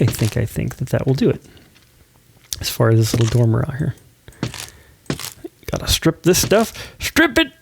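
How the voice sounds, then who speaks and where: A man's voice: mid-range voice, vocal fry, dark tone, slight background noise. A man hosting a let's play, chatting casually and giggling while he builds. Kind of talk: casual gameplay commentary.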